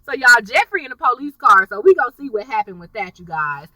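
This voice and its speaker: A woman giving a chatty, animated recap of a TV episode, talking straight to her viewers. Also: a little high, fast talker, dry recording, far from the mic, poor audio. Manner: animated, chatty storytelling, addresses viewers directly. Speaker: TV episode reviewer.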